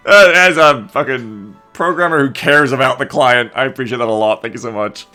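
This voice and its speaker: A man's voice: medium pitch, normal speed, hardly any pauses, faint music behind. A man live-streaming while he codes a game mod. He chats casually, reads viewer comments aloud, swears freely and pokes fun at himself. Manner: relaxed, self-mocking, swears casually, reads chat aloud.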